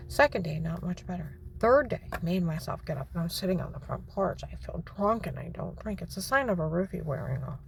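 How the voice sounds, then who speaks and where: A woman's voice: fairly low pitch, animated, fast talker, gravelly, few pauses, background noise. A woman in a rambling, indignant personal monologue who often drops to a whisper. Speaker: vlogger.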